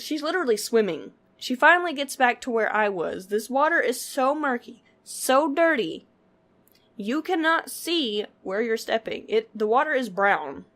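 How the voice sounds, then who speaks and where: A woman vlogging to her viewers, telling a story casually with lots of filler words and frequent laughter. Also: medium pitch. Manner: chatty, laughs often, full of "like" fillers.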